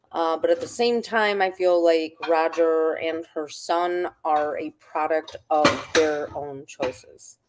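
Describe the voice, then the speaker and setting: A woman chatting on a casual livestream at home, blunt and profane in her talk. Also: lowish voice.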